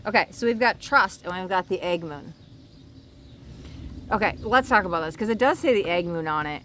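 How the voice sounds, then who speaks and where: A woman's voice: mid-range voice, a bit bright. A woman with a mid-range voice rambles through an oracle card reading, talking straight to her viewers and checking in with them often. She is recording outdoors by the water, with a faint outdoor hum behind her. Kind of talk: casual card reading to camera.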